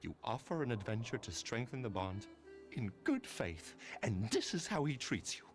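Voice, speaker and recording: A man's voice: medium pitch, sing-song, normal speed, faint music behind, lightly acted. A man voicing a swaggering gang boss. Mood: scheming. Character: gruff, loyal middle-aged male gang boss. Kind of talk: video game voice acting.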